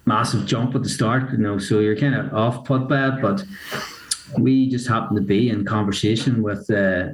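Low-voiced man rambling casually. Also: fairly even intonation, moderate pace, rough recording. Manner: rambling, many fillers and restarts. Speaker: whiskey brand co-founder. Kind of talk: casual interview talk.

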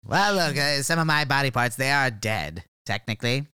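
A man's voice: mid-range voice, lively intonation, moderate pace, sharp tone, clear, resonant tone, no room sound, clean studio sound. A man playing a smug male mad scientist in an improvised comedy sketch. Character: male mad scientist Terry with nine fingers. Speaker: co-host playing a character. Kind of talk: improvised comedy role-play.

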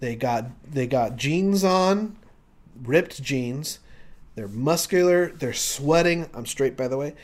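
A man pitching a comic idea, telling it as an animated story and acting out scenes. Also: slow pace. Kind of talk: comic pitch, casual banter.

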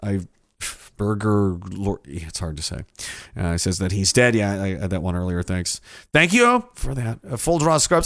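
Rambling, profane livestream host. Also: male voice, lowish voice, very animated, normal speed, fairly bright tone, dry recording, studio quality. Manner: rambling, profane and cynical, with frequent restarts. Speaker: livestream host reading viewer comments. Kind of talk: casual livestream chat.

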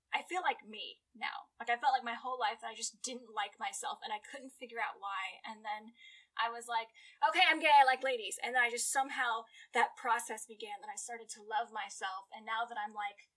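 A woman hosting a podcast in casual chat, chatty and animated, laughing often. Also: a little high, poor audio. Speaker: podcast host.

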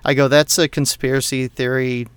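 A man from Texas co-hosting a casual podcast, telling a story in an animated way, with lots of swearing and laughter. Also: mid-range voice, moderate pace, smooth, dry recording. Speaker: podcast co-host. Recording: dry close mic, online call.

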